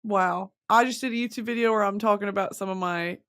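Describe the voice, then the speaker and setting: A woman's voice: mid-range voice, fairly even intonation, fast talker, fairly bright tone. A young woman vlogging in casual chat, rambling, gushing and giggling as she talks to her viewers.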